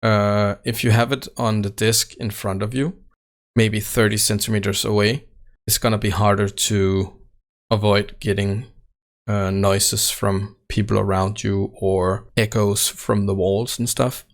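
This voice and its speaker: A man casually walking through his recording setup, halting often with fillers and restarts, speaking close into a desk microphone at home. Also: on the low side, little pitch movement. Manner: halting, many fillers and self-corrections. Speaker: tech channel host. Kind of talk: casual how-to walkthrough. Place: home room without sound treatment. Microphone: close desk microphone right at his face.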